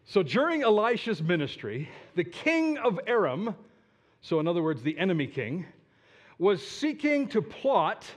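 A man preaching a sermon as a story, animated and dramatic, with asides to his listeners. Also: fairly high pitch.

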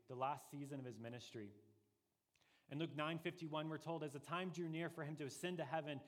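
A man preaching a sermon as pastor, earnest and deliberate, pressing his points with rising emphasis. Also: fairly high pitch, in a large hall.

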